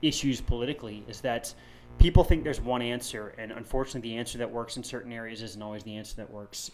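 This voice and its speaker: A man's voice: mid-range voice, fairly even intonation, quick pace, soft background music. A man, a retired army veteran, talking earnestly and reflectively as a podcast guest in casual conversation. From United States. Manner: earnest, reflective, with many restarts.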